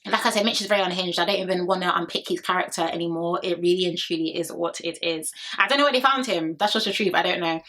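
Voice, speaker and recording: A woman's voice: fairly low pitch, fast, few pauses, pushed and bright. A young woman giving a sassy, opinionated recap in casual chat and talking straight to her viewers. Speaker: reality TV recap vlogger. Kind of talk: casual chatty commentary.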